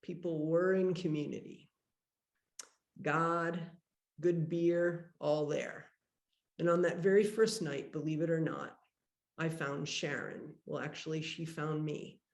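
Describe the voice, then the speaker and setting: A woman priest giving a workshop talk, telling a personal story in a reflective, measured way. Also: deep voice, a little mellow, roomy sound. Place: conference workshop room.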